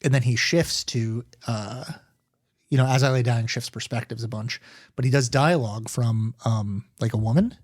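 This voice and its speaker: A man co-hosting a book podcast at a middle pitch. He tells animated stories and makes jokes at his own expense. His voice is dry and close to the mic. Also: normal speed, no room sound. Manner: animated storyteller, self-deprecating jokes. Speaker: podcast co-host. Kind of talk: casual book-club chat.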